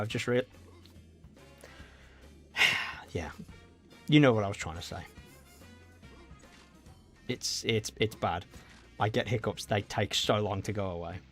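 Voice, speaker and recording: A man's voice: fairly low pitch, unhurried, long pauses. A young British man chatting casually on a gameplay livestream, reading chat aloud and rambling with frequent ums while fighting off hiccups. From Britain. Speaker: streamer. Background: game music.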